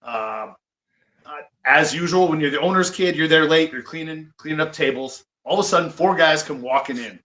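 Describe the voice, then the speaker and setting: A man in his forties from Iowa, a pro wrestler, telling stories as a podcast guest in an animated way. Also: fairly high pitch, roomy sound, low-quality recording. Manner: animated, quick to laugh. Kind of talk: casual storytelling. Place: studio.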